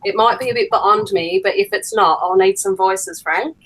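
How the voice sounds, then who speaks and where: A woman's voice: medium pitch, lively intonation, normal speed, fairly bright tone, low-quality recording. A woman with an Australian accent chatting easily on a video call and explaining how she makes things, laughing often. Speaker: fan puppet maker on a live video call. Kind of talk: casual chat.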